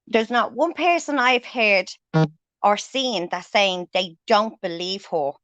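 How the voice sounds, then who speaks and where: A woman's voice: mid-range voice, slow pace, a bit bright, no room sound, muffled recording. A woman hosting a livestream, ranting angrily and swearing heavily as she confronts someone. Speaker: livestream host. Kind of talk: angry livestream rant.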